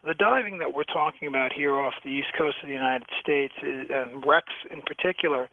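A man from New York, a shipwreck diver, telling stories as a radio guest over the phone, halting with many restarts and repeated words. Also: mid-range voice, a little hiss or hum. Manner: lively storyteller. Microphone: telephone. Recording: tinny phone line, dry.

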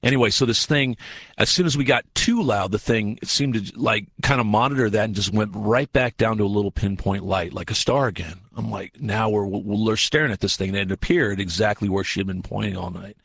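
A man's voice: on the low side, brisk, vocal fry, breathy edge, no room sound. A man, a guest in a radio studio, telling a long story casually and animatedly, acting out what people said. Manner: animated, acts out quotes, frequent fillers and restarts. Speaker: radio show guest, researcher.

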